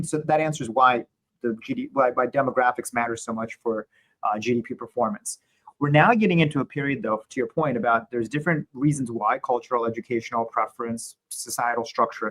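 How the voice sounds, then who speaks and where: A man speaking as an interview guest, explaining economics in a measured, conversational way with occasional restarts. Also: medium pitch, a bit bright, low-quality recording.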